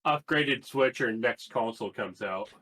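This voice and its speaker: A man's voice: medium pitch, measured pace, pushed and bright. A man hosting a gaming news podcast in casual chat, with frequent fillers and the odd swear. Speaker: podcast host.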